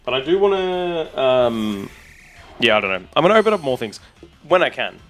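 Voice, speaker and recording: A man, a streamer, chatting casually and excitably with his audience while rambling on. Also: mid-range voice, moderate pace, faint music behind. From Australia. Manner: excitable, rambling, talks to chat. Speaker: streamer and content creator. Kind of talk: casual live-stream chat.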